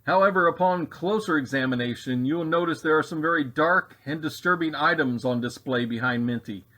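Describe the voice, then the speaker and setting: A man narrating a mock-serious comedy exposé with deadpan delivery and rambling asides. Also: fairly high pitch, a little fast.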